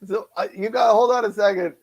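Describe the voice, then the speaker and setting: A man's voice: sits high, steady tone, fast, breathy edge, lo-fi sound. A man co-hosting a live shopping show, explaining the segments and his wish-list items in an upbeat, chatty way. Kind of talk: casual live-stream product chat.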